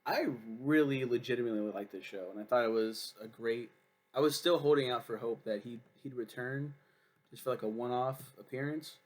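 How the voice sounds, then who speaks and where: A man talks through a TV series in an unscripted review. He rambles and swears freely, piling up fillers as he goes. His voice sits at an ordinary middle pitch. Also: brisk. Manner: rambling, profane, lots of fillers. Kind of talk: casual review chat.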